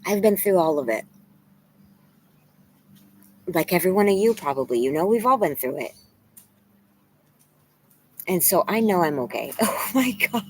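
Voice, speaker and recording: A woman's voice: lowish voice, lively intonation, normal speed, long pauses, a little hiss or hum, poor audio. A woman around forty-two, tearful and candid, rambling in a casual vlog with some swearing. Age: 40s. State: crying. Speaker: vlogger. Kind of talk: emotional casual vlog talk, reading chat.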